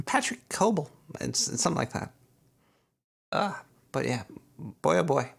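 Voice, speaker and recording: A man hosting a casual call-in show with a hoarse voice, talking in a rambling, profane way. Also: fairly high pitch, very animated, moderate pace, poor audio. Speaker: radio show host. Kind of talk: casual radio show talk.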